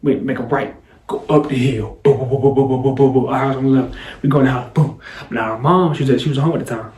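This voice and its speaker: A young man casually retelling a childhood story, animated and slangy, dropping sound effects as he goes. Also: medium pitch, fast, roomy sound, faint music behind.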